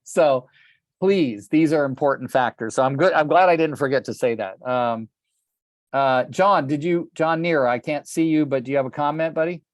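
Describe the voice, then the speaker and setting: A man's voice: fairly high pitch, moderate pace, no room sound, clean studio sound. An older man coaching real estate agents on a group video call, telling stories bluntly and with passion, swearing casually.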